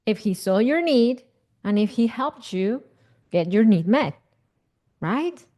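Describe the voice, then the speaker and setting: Woman, parenting teacher in a live class, slow and repetitive. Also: on the high side, lively intonation, dark tone. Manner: repetitive, emphatic, asks audience questions. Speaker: parenting educator.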